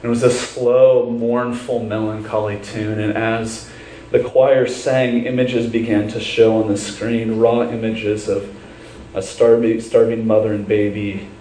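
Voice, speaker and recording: Earnest pastor preaching in an echoey church. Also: male voice, on the low side, level tone, measured pace, dark tone, distant mic, a little hiss or hum. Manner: earnest storytelling, then leads prayer. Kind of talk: sermon.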